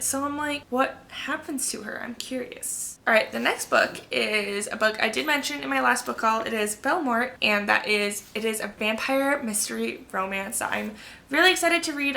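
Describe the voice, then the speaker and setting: A young woman in her twenties talks through her reading list in a loose, gossipy way, peppering every sentence with fillers. Her voice sits a little high and sounds bright and sharp, with a gravelly fry at the ends of phrases. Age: 20s. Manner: chatty, gossipy, full of "like". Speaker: book vlogger. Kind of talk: casual book chat to camera.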